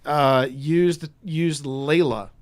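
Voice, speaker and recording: A man's voice: fairly high pitch, steady tone, takes it slowly. Rambling man hosting a live stream. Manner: rambling with frequent restarts. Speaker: podcast host. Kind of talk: casual live-stream chat.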